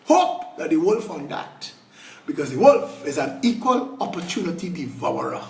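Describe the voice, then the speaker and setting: A man's voice: on the high side, sing-song, moderate pace, roomy sound, distant mic. A Trinidadian man giving a fiery political speech, blunt and angry, throwing crude insults. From Trinidad and Tobago.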